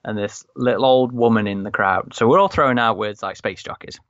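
A man telling a rambling story in casual podcast chat, often circling back and restarting his sentences. His voice sits a little low and comes through a slightly muffled, lo-fi mic. The room sounds dry and close. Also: fairly quick, a bit bright, no echo. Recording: slightly dull, dry recording.

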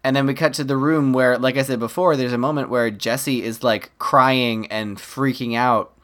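A podcast co-host with a medium-pitched voice, animatedly walking through a film's plot in a casual, chatty way. This speaker laughs easily and drops dry, wry asides between scenes. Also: steady tone, normal speed, fairly bright tone. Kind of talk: casual chat recapping a film.

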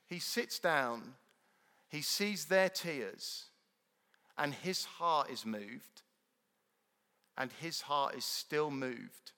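A man preaching a sermon in a church, earnest and emphatic, swinging between loud declarations and hushed moments. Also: a little high, animated, extremely slow, pauses often. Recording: long reverb of a large hall.

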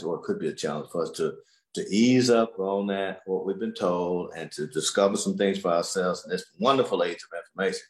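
A man, a scholar, answering interview questions in a measured, explanatory way. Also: low voice, echoey room. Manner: measured, explanatory, repeats words.

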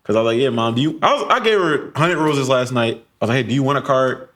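A man's voice: medium pitch, quick pace, a little hiss or hum. A young man co-hosting a podcast in casual chat, telling stories with laughter and acted-out quotes. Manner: animated storytelling, laughing, acts out quotes. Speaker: podcast co-host.

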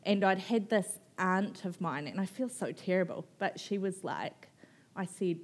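A woman, an author telling her story on stage at a book festival, frank and animated, swearing casually and laughing often. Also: medium pitch, unhurried. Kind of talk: candid conversational storytelling.

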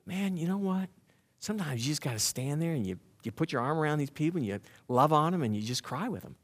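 A man's voice: on the high side, sing-song, fast. A man, a pastor giving a sermon, talking in a conversational, heartfelt way that builds to emphatic preaching.

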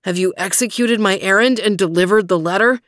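A woman voicing a timid, honest young male servant boy who speaks softly and earnestly in a storybook reading. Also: mid-range voice, brisk, no echo, studio quality, close to an everyday voice. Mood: fretful. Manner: soft, trembling, earnest.

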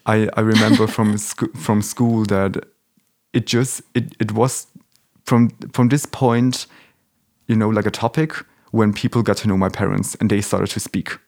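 A man's voice: lowish voice, steady tone, measured pace, darkish tone. A young man born in Germany, talking as an interview guest in a casual, hesitant way, often restarting and searching for words.

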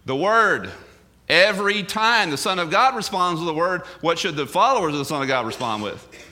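Man, Bible teacher, bright tone, animated sermon delivery with chatty asides. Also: high-pitched, normal speed. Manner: animated, swings loud and soft, casual asides.

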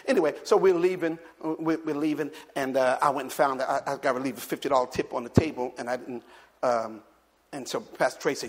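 A male pastor preaching a sermon, telling a chatty story full of restarts and rising to shouted calls for the congregation to repeat. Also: on the high side, brisk, husky. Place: church. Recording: long hall reverb.

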